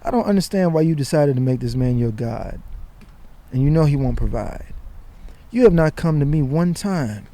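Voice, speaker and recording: A man's voice: on the high side, lively intonation, normal speed, warm tone. A man voicing God as a fatherly figure, teasing and then lecturing him in a stern way.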